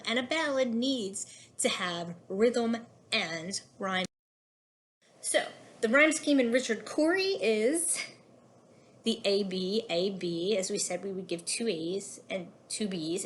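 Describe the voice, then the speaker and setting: A woman teacher giving a recorded lesson, explaining patiently with a few fillers. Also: medium pitch.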